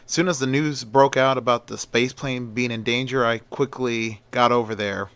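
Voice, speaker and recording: A man's voice: medium pitch, steady tone, normal speed, a bit bright, smooth, close to an everyday voice. A man voicing a mild, eager young male reporter with a modest, slightly sly way of talking.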